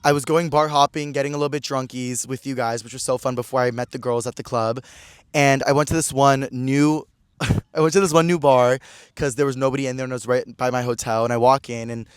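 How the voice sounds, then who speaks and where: A man's voice: medium pitch, fairly even intonation, a little fast, clear, resonant tone, no room sound. A young man in his twenties hosting a podcast, telling a story in casual, slangy chat full of "like.". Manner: chatty, slangy, peppered with "like". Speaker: podcast host.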